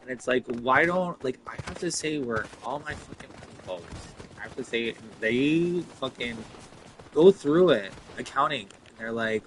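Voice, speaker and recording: A man's voice: medium pitch, expressive, moderate pace, a bit bright, slight background noise, low-quality recording. A man ranting casually and profanely while playing a video game, rambling with lots of "like" and quoted voices. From Italian. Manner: profane, rambling rant full of "like". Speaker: gaming streamer.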